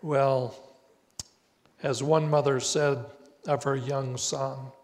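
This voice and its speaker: An older man preaching a sermon as pastor, slow and deliberate with emphatic rises on key words. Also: medium pitch, little pitch movement. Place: church sanctuary. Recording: reverberant church hall.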